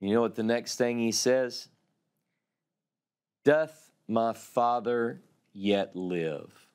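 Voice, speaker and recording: A man teaching a Bible class, reading scripture aloud slowly and dramatically and explaining it. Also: medium pitch, darkish tone, clean tone.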